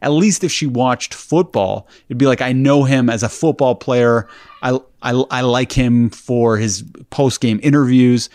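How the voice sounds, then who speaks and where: A man with a middle-pitched voice chats on a podcast. He tells his stories in a loose, rambling way, chuckling as he goes. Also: a little slow, a little mellow. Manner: rambling, amused storyteller who laughs while telling. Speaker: podcast co-host. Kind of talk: casual chat, storytelling.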